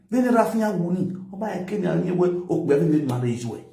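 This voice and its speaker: A man with a Nigerian accent lectures and scolds, his fairly high voice swooping up and down. The tone is mellow and dark. The echo of a bare room hangs around his words. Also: expressive, brisk, creaky. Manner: lecturing, mixing pidgin and local language. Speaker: social media commentator. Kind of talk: scolding commentary.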